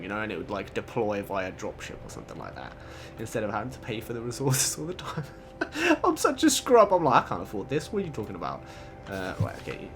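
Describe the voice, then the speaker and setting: Young male gaming host, excitable and gushing, with a bright voice that leaps up and down, and faint music under him. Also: medium pitch. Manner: excitable, gushing, laughs often. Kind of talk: let's play commentary.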